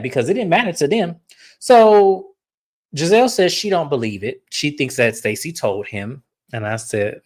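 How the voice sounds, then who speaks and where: A woman's voice: low voice, lively intonation, moderate pace. A woman recapping a reality show in casual commentary, blunt and opinionated, swearing freely.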